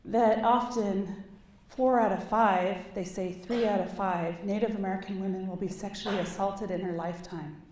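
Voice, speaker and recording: A woman's voice: mid-range voice, steady tone, normal speed, darkish tone, a little hiss or hum. Woman keynote speaker, earnest and impassioned storyteller; roomy hall sound, mic a bit far off, faint ambience behind. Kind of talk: personal storytelling speech. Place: large conference hall.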